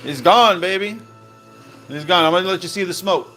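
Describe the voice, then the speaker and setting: A man giving excited, slangy commentary over cartoon clips, repeating himself and calling out to viewers. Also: high voice, normal speed, soft background music. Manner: hyped, slangy, repeats phrases, calls out "baby" and "fam". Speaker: crypto commentator.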